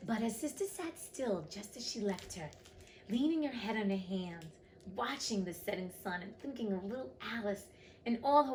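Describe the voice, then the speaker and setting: A woman's voice: mid-range voice, slight background noise, low-quality recording. A woman reading a classic storybook aloud, with chatty, emotional asides to listeners. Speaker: reader of classic books.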